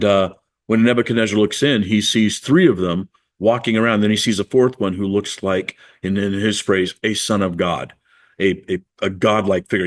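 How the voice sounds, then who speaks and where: A middle-aged male pastor telling a personal story in a sermon, his voice climbing high and loud as he reenacts an angry prayer.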